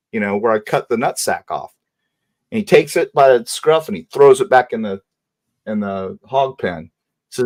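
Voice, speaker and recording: A man hosting a panel livestream, telling a story in a casual way and acting out the shouted lines of others in a raised voice. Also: mid-range voice, no echo. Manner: animated, acts out shouted quotes in a raised voice. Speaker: host.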